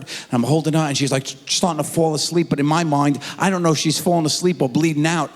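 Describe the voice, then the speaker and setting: A man's voice: a little high, quick pace, few pauses. A middle-aged man doing stand-up comedy, telling stories and putting on his kids' voices. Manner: animated storytelling with voiced impressions of his kids. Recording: theater recording with long hall reverb.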